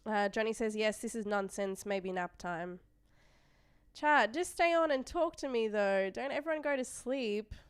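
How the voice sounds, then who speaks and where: A woman's voice: fairly high pitch, measured pace, smooth, dry recording, studio quality. A young Australian woman hosting a live trading stream, chatting casually and reading viewer messages aloud as she goes. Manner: chatty, reads chat messages aloud, trails off and restarts. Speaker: livestream trading host.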